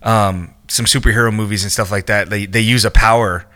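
A man co-hosting a casual comic podcast, excitable and swearing, stumbling over repeated words. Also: fairly low pitch, brisk. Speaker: podcast co-host. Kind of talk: casual chat.

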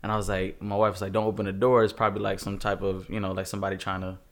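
A man, a truck driver, telling road stories in casual podcast chat, animated and laughing. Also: low voice, very fast.

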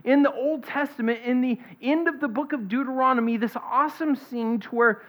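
A woman preaching an expository sermon, reading scripture aloud and stressing its points in a deliberate way. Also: high voice. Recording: dull lo-fi recording.

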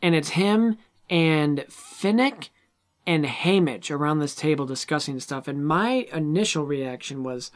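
A man's voice: fairly high pitch, takes it slowly. Man animatedly retelling a movie. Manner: animated retelling, acting out quoted lines. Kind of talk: casual movie discussion.

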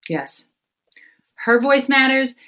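A woman on a faith podcast, talking fast and animated and acting out the voices she quotes. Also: high-pitched, low-quality recording. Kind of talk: casual faith podcast chat.

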